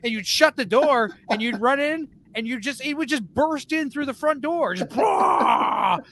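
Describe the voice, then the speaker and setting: A man with a notably high voice, talking loosely on a podcast. He rambles, swears often and throws himself into acting things out. It sounds like a relaxed chat between friends. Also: moderate pace, no room sound. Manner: rambling, animated, swears freely, acts out scenes. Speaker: podcast co-host.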